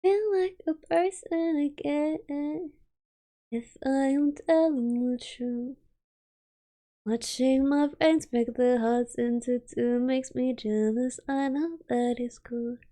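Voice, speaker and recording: A woman's voice: a little high, steady tone, takes it slowly, mellow. A woman streamer chatting casually and giggling as she reads chat aloud from her home setup.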